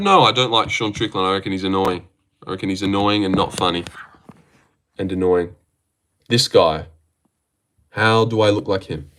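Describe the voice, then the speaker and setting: A young man with a bright, forward voice talks casually on a livestream. He reads viewers' comments out loud and answers them with easygoing, joking banter. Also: low-pitched, steady tone, normal speed, long pauses, slight background noise. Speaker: livestream host. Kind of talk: casual live-stream chat.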